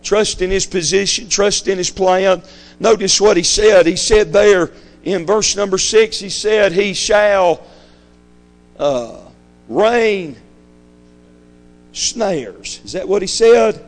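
A man's voice: high-pitched, slow pace. A man preaching a fiery sermon, emphatic and repetitive, hammering his points home. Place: church sanctuary.

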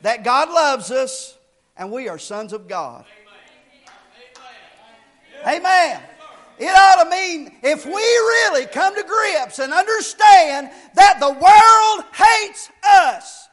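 A man preaching a fiery sermon, shouting key lines and then dropping low to explain, repeating phrases for emphasis. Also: lively intonation, slow.

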